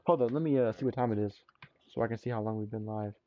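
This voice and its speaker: A young man hosting a gameplay session, telling stories in animated slang and swearing freely. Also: on the low side, quick pace. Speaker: let's play host. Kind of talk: casual gameplay chat and storytelling. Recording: muffled lo-fi audio.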